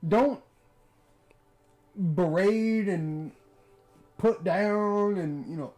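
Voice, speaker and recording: A man's voice: sits high, takes it slowly, pauses often, faint music behind. Ranting man on a casual podcast. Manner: animated, profane, ranting. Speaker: podcast co-host. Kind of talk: casual storytelling chat.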